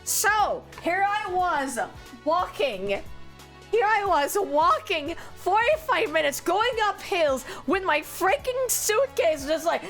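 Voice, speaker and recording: A young French woman with a French accent, chatting casually on a live stream as an artist, animated and freely swearing as she greets her chat by name. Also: very high-pitched, slow, soft background music. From France.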